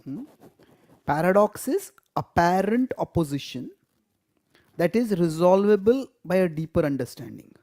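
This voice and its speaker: A man's voice: high voice, animated, normal speed, a little mellow. A man teaching a live class on scripture, explaining step by step, stressing key words and laughing often. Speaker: spiritual teacher.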